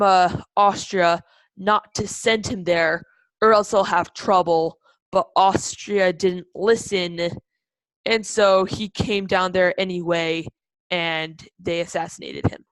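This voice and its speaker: Slow, hesitant female student. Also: medium pitch, steady tone, no echo, rough recording. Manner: hesitant, many ums and uhs. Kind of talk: classroom discussion.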